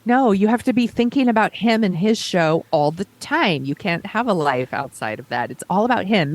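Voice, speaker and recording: A woman co-hosting a casual podcast, quick to react, laughing and blunt. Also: medium pitch, expressive. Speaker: podcast co-host. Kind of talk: casual chat.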